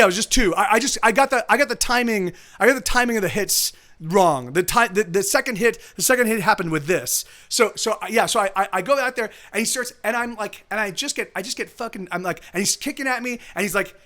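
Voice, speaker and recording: Guy streaming, telling a story super fast, swears a lot, keeps correcting himself. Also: high-pitched, bright, forceful tone. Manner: rambling, profane, full of self-corrections. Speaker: live-streaming musician. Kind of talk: casual storytelling on a live stream.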